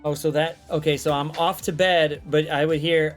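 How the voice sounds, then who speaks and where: Man, stream host, higher voice, loud, swearing, animated, faint music behind. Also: normal speed, few pauses. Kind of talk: casual chat.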